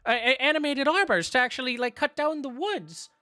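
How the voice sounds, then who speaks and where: A man's voice: extremely high pitch, expressive, a little fast, bright, forceful tone, no echo, pitched above the performer's own voice, exaggerated voice. A man voicing overworked male kobold laborers who protest in a whiny way.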